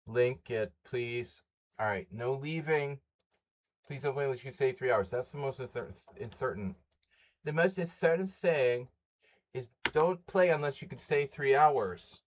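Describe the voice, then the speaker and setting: A man chats casually on a live stream, wry and quick with a joke. He greets viewers and reels off rules in an easy, everyday voice. His audio is a little dull and lo-fi. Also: mid-range voice. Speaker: chess streamer hosting a simul.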